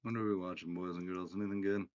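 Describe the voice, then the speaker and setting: A man hosting a live day-trading stream, chatting casually with friends, relaxed, laughing often and swearing freely. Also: low voice, quick pace, muffled recording. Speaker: livestream day-trading host.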